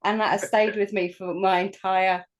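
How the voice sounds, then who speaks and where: A woman's voice: mid-range voice, level tone, normal speed. A woman co-hosting a podcast, giving short dry quips in casual chat. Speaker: podcast co-host.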